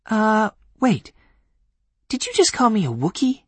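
A man voicing a quick-witted young woman apprentice who talks in a bright, teasing way. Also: sits high, huge pitch swings, slightly rough, dry recording, voice pushed up, exaggerated voice. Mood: playful.

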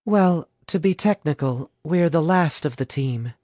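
A man voicing a sharp-tongued young female student who can read minds and scolds bluntly in a storybook reading. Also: low-pitched, animated, a little slow, no room sound, clean studio sound. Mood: scolding.

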